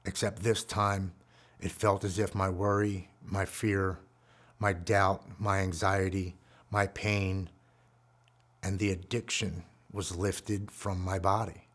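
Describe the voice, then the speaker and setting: A man in his forties telling his own recovery story in an earnest, emotional way, dropping to a hushed voice at the heavy moments. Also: sits low, little pitch movement, slow. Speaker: guest speaker.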